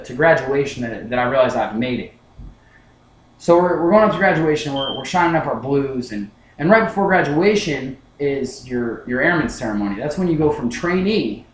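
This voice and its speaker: A young student gives a class speech built around a personal story, his medium-pitched voice sounding roomy on a low-quality recording. He keeps restarting sentences and repeating words, and he acts out his past self as he tells it.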